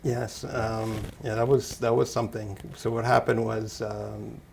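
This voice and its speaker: Gravelly low-voiced man, rambling interview guest. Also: flat delivery, unhurried, darkish tone, a little hiss or hum. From Canada. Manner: rambling, self-deprecating, laughs often. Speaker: interview guest, actor and musician. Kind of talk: casual interview.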